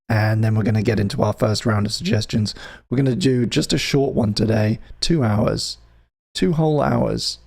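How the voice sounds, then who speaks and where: A man's voice: fairly low pitch, vocal fry, darkish tone. A man from the UK hosting a live music stream, chatting casually and playfully with his viewers in a rambling, teasing way. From United Kingdom.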